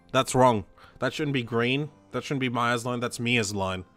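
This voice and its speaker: A man's voice: mid-range voice, a little slow, a bit bright, faint music behind. A man streaming a game, making offhand joking asides between voiced lines. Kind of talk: casual let's-play commentary.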